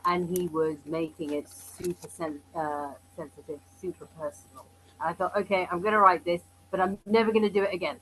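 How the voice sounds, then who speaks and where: A woman's voice: on the low side, fairly even intonation, fairly quick, fairly bright tone, low-quality recording. Woman playwright, apologetic and rambling, video call audio with a light hum. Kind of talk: casual chat on a video call.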